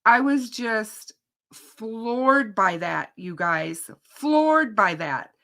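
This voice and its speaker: Woman, true crime host, indignant chatty vlog, bright clear tone. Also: a little high, animated, drawn-out words. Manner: indignant, emphatic storytelling. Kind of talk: casual chat to viewers.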